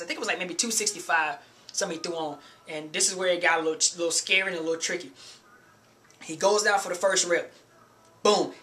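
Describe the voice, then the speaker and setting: Talking casually to the camera, this man recounts a gym experience and urges newcomers to lift with a spotter, sprinkling in "man" and "you know" throughout. His voice sits high with a sharp edge.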